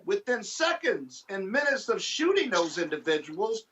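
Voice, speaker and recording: A man commenting on a panel in a forceful, explanatory, lawyerly way. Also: high-pitched, big pitch swings, moderate pace. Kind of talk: panel discussion. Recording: dull lo-fi remote audio.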